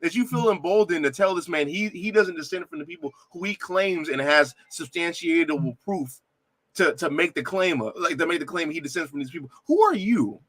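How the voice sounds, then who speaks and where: Excitable high-voiced man reacting to a clip. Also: brisk, no echo. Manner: excitable, laughing, stammering restarts, indignant. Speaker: reaction video host. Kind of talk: animated commentary on a debate clip.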